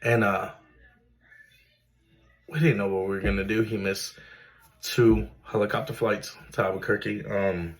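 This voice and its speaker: Earnest man, low voice. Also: fairly even intonation, measured pace, pauses often, poor audio. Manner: emotional, earnest, with many fillers. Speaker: father telling a family story. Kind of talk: personal storytelling to camera.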